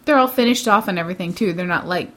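A woman's voice: lowish voice, a bit bright. Playful American woman co-hosting a podcast. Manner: playful, laughs often, quick asides. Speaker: podcast co-host. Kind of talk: casual chat about movies.

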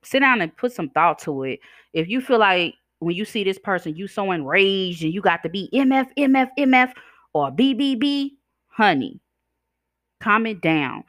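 A woman's voice: medium pitch, lively intonation, normal speed, a bit bright, dry recording, clean studio sound. Sassy, blunt woman ranting on a podcast. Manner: blunt, sassy, profane, addresses listeners as "y'all" and "child". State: chewing gum, slightly slurred. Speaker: podcast host. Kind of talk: casual ranting monologue.

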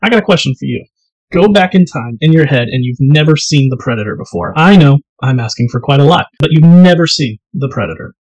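A man tells stories in relaxed, easygoing podcast chat over drinks, often tossing in "man." His voice sits in a middle range, and the recording is dry and close. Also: mid-range voice, brisk, slightly rough, no room sound, muffled recording. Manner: relaxed storyteller, laid-back, says "man" a lot. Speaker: podcast co-host. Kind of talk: casual chat over whiskey.

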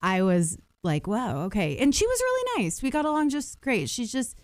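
A woman's voice: high-pitched, huge pitch swings, moderate pace, no echo. A woman telling stories in a casual chat, with lots of fillers and restarts. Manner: chatty storytelling, many fillers and restarts. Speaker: podcast guest.

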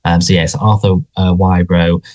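Deep-voiced man chatting on a podcast. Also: level tone, moderate pace, darkish tone. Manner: hesitant, full of fillers and restarts. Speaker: podcast co-host. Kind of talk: casual podcast chat.

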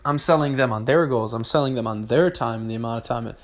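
A man talks alone on his podcast in a blunt, profane way, hammering the same point several times. He clears his throat often between thoughts. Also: medium pitch, fast talker, few pauses. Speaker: podcast host. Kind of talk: solo podcast monologue.

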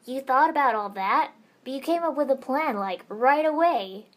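A loud, eager boy ninja who can hardly contain himself, as a woman puts him on. His voice jumps high and bright with excitement, a storybook character bouncing off the walls. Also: normal speed. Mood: excited. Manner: bursting, enthusiastic, loud.

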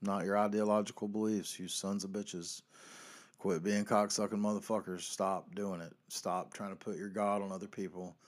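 A man from North Carolina, hosting his own podcast in a profane, ranting monologue that swings between yelling and muttering. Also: on the low side, little pitch movement, moderate pace. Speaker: podcast host.

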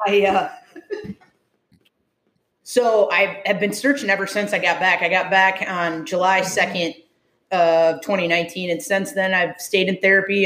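A woman's voice: lowish voice, a bit bright. Blunt, profane woman in an echoey room. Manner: blunt, profane, emotional storytelling. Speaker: first responder guest. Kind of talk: candid interview storytelling.

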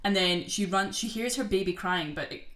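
A woman's voice: medium pitch, moderate pace, background noise. A young woman co-hosting a casual podcast, chatting and swearing as she retells a film with mocking put-on voices. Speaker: podcast co-host. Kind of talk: casual chat.

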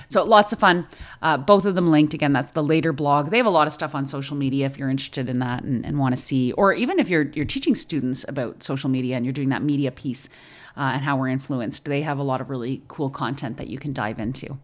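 A middle-aged woman, a school librarian hosting a podcast, talking in a chatty, animated way with frequent restarts. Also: sits low. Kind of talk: casual chat.

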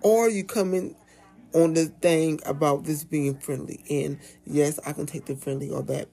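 A man talking casually as a guest on a podcast, animated and sassy, swearing freely and stretching out words like "baby.". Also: on the high side, moderate pace, creaky, breathy edge. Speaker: puppeteer guest.

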